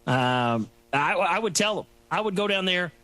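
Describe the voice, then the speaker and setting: A man's voice: high-pitched, expressive, normal speed, bright, forceful tone. A man hosting a talk show, rambling through a sarcastic, mocking solo commentary. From Texas.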